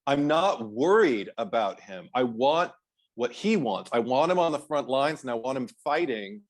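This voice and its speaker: A man's voice: mid-range voice, animated, moderate pace. A man co-hosting a film podcast in casual chat, rambling enthusiastically with many fillers. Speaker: podcast co-host.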